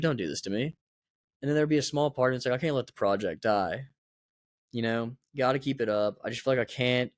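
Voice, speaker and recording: Young man, solo podcast host, rambling casual chat, self-mocking, mid pitch, dry close sound. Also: dry recording.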